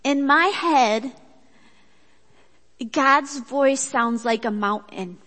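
Woman, high voice, sermon, chatty, animated, echoey hall. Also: extremely slow. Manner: chatty and animated, acts out quotes. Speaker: speaker at a church gathering. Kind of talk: sermon with personal story.

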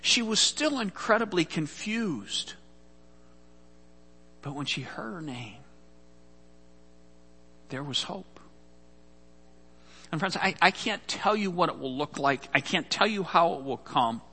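A man's voice: a little high, expressive, slow, pauses often, sharp tone, breathy edge, in a large hall. A man preaching a sermon, telling a scripture story earnestly and often repeating words as he goes. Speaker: pastor.

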